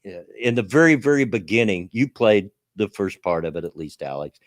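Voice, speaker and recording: A man's voice: lowish voice, lively intonation, fairly quick, no room sound, studio quality. A man with a Southern US accent hosting a casual chat stream, rambling about games and chuckling often.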